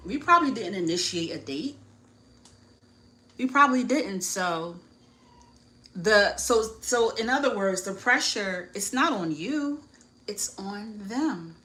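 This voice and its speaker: Woman with a US Northeast accent, unhurried delivery, frank and chatty advice-vlogger with a self-mocking laugh. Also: on the high side, expressive, sharp tone, low-quality recording. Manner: chatty and frank, many "like" fillers, laughs at herself. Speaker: YouTuber giving dating advice. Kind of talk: casual advice vlog.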